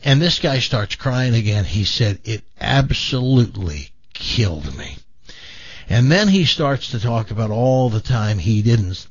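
A man's voice: lowish voice, slightly rough, dry recording, dull audio. An older man hosting a talk show, telling a long personal story with many stammering restarts. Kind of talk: storytelling in casual chat.

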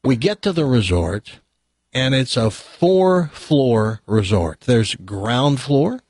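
A man's voice: mid-range voice, animated, slow pace, darkish tone, dry recording. A middle-aged American man, a radio show host, telling rambling stories in casual chat and putting on voices for the people he quotes. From United States.

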